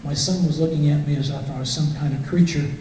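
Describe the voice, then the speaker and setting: A middle-aged man tells his personal testimony in an easy, conversational storytelling way. His voice sits a little high for a man. He sounds distant, with a strong echo filling the church hall and a faint hiss underneath. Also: fairly even intonation, fast, mellow. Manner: conversational storytelling, acting out quotes. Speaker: guest speaker. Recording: echoey hall from far off, faint noise.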